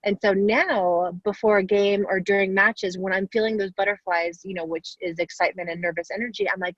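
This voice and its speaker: On a video call, a guest athlete in her forties responds to young players' questions, speaking right to the kids in a warm, upbeat, casual and encouraging way. Her medium-pitched voice has fairly even intonation, moving fairly quickly with few pauses. The sound is dull lo-fi video call audio, free of room sound.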